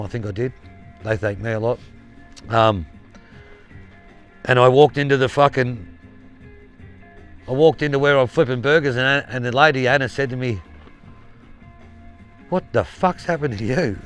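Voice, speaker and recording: A man's voice: medium pitch, smooth. An Australian man telling a rambling yarn in casual spoken style, blunt and swearing freely. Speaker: storyteller.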